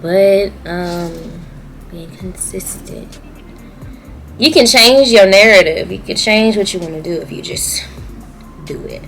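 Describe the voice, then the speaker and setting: A woman's voice: mid-range voice, slow, long pauses, a bit bright, faint music behind, rough recording. A young woman with a Southern US accent, talking candidly to her viewers in a personal video diary. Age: young adult. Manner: candid, emotional, speaking to viewers. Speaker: YouTuber.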